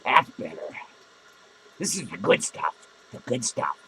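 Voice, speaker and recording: A man's voice: mid-range voice, sing-song, a little slow, bright, forceful tone, slight background noise, full character voice, low-quality recording. A man playing a drunken, foul-mouthed, hot-tempered male clown who slurs, rambles and swears. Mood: drunken rambling. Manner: slurring, rambling, swearing constantly. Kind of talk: improvised character comedy monologue.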